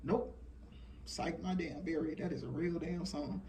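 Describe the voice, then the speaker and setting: A man's voice: on the high side, a little slow, distant mic, noisy background. A man in his thirties giving a casual, rambling monologue full of fillers and blunt profanity. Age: 30s. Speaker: channeler sharing messages.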